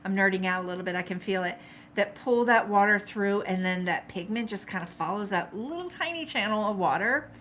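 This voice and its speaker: Middle-aged woman, chatty art teacher on a live stream, mid-pitched, faint room hum behind. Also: brisk, a bit bright. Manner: chatty, encouraging, reads out viewer comments. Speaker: art instructor. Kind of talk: live paint-along tutorial.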